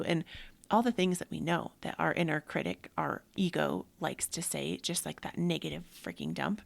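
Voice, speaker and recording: Woman host, middle-aged, casual uplifting chat, breathy whispers, slight vocal fry. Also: low voice, normal speed. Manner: breathy, drifting into soft whispers, many "like" fillers. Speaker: yoga podcast host. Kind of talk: casual motivational talk.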